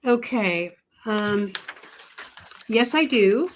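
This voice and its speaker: A woman's voice: mid-range voice, lively intonation, drawn-out words, slight background noise. A woman author talking about her writing as a radio guest. She talks in a chatty way, often restarting her sentences. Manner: chatty, frequent restarts and fillers. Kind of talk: casual interview talk.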